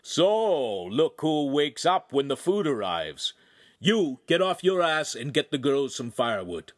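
A man's voice: fairly high pitch, very animated, measured pace, pitched above the performer's own voice. A man voicing a stern, commanding master lens-maker in an audiobook. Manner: solemn, commanding.

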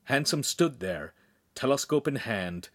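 Animated male audiobook narrator. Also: medium pitch, a little slow, dry recording, studio quality. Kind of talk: scripted narration.

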